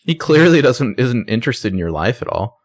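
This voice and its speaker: A man co-hosting a casual podcast, recapping a TV episode in an animated way, acting out lines and swearing freely. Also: medium pitch, fairly quick. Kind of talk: casual chat.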